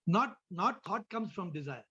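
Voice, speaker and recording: High-voiced man teaching over a call. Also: lively intonation, moderate pace, pushed and bright, slightly rough, lo-fi sound. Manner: repeats words, asks listeners rhetorical questions. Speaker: spiritual teacher. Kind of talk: question-and-answer discourse. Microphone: video call.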